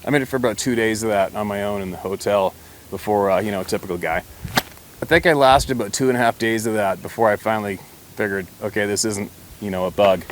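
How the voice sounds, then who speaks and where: A man with a lowish voice talks fast as he tells a personal story to camera, rambling and blunt, swearing mildly and often restarting his sentences. There's slight background noise.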